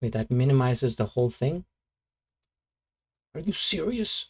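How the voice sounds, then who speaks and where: A man casually chatting as a streamer, reacting to beatbox videos in a relaxed, rambling way. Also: mid-range voice, unhurried, slightly rough. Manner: relaxed, rambling, lots of fillers and self-corrections. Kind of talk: casual live-stream commentary.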